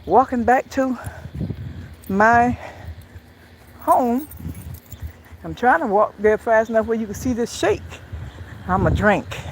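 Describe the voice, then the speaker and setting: A woman's voice: mid-range voice, a little hiss or hum, low-quality recording. A woman chatting casually on a live phone stream while walking outdoors and then at home, rambling and repeating phrases, out of breath from walking. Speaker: vlogger. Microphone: phone camera.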